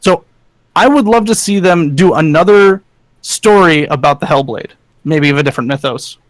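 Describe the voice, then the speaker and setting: A man co-hosting a casual gaming podcast, animated and repeating himself. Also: on the high side, moderate pace, dry recording, rough recording.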